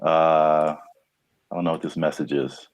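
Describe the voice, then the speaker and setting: A man's voice: very deep voice, flat delivery, unhurried, no room sound. A man from California co-hosting a casual podcast, rambling and laughing often. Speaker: podcast co-host.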